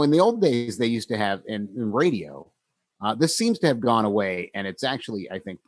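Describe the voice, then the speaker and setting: A man's voice: lowish voice, no echo. A man co-hosting a casual podcast, talking reflectively with many fillers and restarts. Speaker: podcast co-host.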